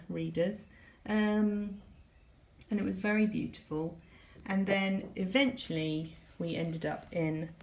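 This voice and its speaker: A woman's voice: mid-range voice, warm tone, slight background noise. A woman chatting casually in a vlog, recapping a family trip with rambling, laughing asides. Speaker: family vlogger.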